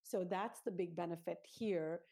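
A woman's voice: lowish voice, a little slow, dark tone. A woman, a parenting author being interviewed, explaining ideas in an earnest, teacherly way, setting them out step by step. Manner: earnest, teacherly, lays out steps.

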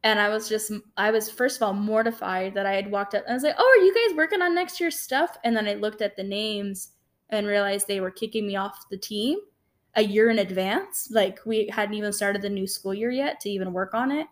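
A young woman co-hosting a podcast, telling a personal story in a casual, animated way. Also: medium pitch, brisk. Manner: animated, lively retelling with acted-out quotes. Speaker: podcast co-host.

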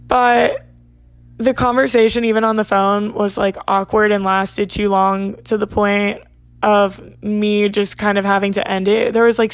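Young woman, storytime chat, lots of "like", mid pitch, dry close sound. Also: dry recording. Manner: chatty, says "like" a lot. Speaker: vlogger. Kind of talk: casual storytime.

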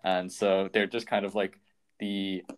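Low-voiced chatty male podcast host. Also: flat delivery, unhurried, smooth. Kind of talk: casual chat.

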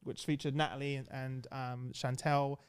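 A young man hosting a casual podcast chat in an office, excitable and quick to laugh, often restarting his sentences. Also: medium pitch, smooth. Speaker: podcast host. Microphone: podcast microphone in an office.

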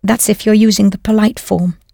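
Gravelly-voiced woman teaching a language lesson. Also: mid-range voice, steady tone, a little fast, mellow, no echo, studio quality. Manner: patient, prompting the learner and then confirming the answer. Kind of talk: scripted audio lesson narration.

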